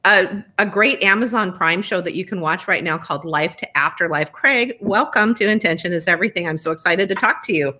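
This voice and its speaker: A woman's voice: lowish voice, fairly quick, few pauses, pushed and bright. A woman hosting a podcast, chatting casually and upbeat over a video call. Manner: chatty, upbeat, laughs often. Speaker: podcast host. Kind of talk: casual chat.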